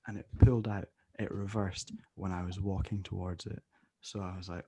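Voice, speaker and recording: A man's voice: lowish voice, little pitch movement, brisk, warm tone. Rambling young Scottish man telling a story. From Scotland. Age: young adult. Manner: rambling storyteller, acts out the people he quotes. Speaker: podcast co-host. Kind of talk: casual chat.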